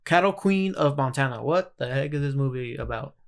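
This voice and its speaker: A man co-hosting a casual podcast, halting and searching for his words as he talks. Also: medium pitch, lively intonation, vocal fry. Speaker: podcast co-host.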